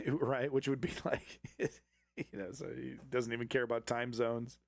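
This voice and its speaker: A man's voice: mid-range voice, little pitch movement, normal speed, creaky, no room sound. Sarcastic man hosting live commentary. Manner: sarcastic, laughing, rambling with restarts. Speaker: political commentary host.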